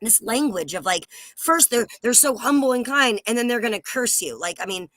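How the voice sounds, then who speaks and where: A woman's voice: on the high side, animated, normal speed, fairly bright tone, no room sound. A woman with a New Jersey accent, talking heatedly and emphatically in a casual chat, with a sarcastic edge.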